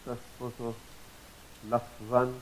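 A man gives a patient, step-by-step lesson, saying each example slowly more than once and checking that listeners follow. His voice sits at an ordinary middle pitch. A faint hiss runs under the recording. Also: level tone, low-quality recording. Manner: patient, repeats terms slowly, asks checking questions. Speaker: teacher. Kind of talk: explanatory lesson.

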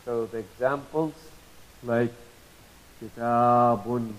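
A man teaching a lesson, patiently spelling out terms, repeating examples slowly and asking checking questions. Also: mid-range voice, steady tone, darkish tone, rough recording. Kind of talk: explanatory lesson.

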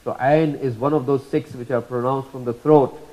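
A man teaching Quran recitation rules, patiently repeating each example slowly and drawing out the sounds. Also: medium pitch, fairly even intonation, warm tone, poor audio. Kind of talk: slow tajweed lesson.

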